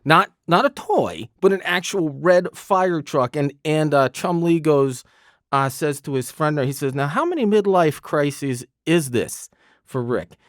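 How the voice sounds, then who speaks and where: A man's voice: on the high side, unhurried, no room sound, studio quality. A man of fifty co-hosting a podcast in casual chat, joking and telling stories. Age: 50s. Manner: animated, joking storyteller. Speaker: podcast co-host.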